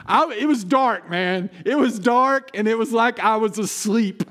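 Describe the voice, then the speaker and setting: A man's voice: high-pitched, measured pace, a bit bright. A man doing dazed Lazarus. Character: dazed male Lazarus retelling his rising.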